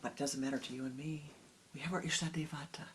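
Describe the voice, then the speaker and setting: A spiritual teacher giving a meditative sermon, speaking slowly and softly, often sinking into a whisper, with long pauses. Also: medium pitch, steady tone, slight background noise. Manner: slow, soft, often dropping into whispers; unhurried with long pauses, halting restarts.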